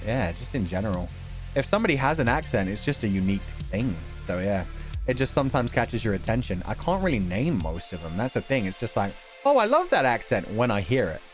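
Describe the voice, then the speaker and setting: A young British man hosting a relaxed stream chat, reading viewer donations, laughing often and swearing casually. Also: fairly low pitch. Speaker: streamer host.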